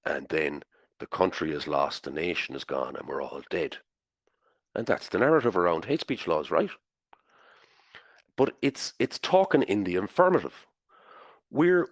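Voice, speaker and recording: An Irish man hosting a podcast, giving a blunt, opinionated monologue in halting speech that repeats words and swears. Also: low voice, dry recording. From Ireland. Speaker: podcast host.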